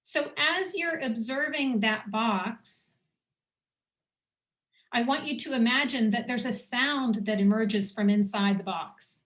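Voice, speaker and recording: A woman teaching on a video call, leading a guided breathing exercise with slow, soothing instructions and pauses. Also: a little high, fairly bright tone. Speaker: dowsing teacher.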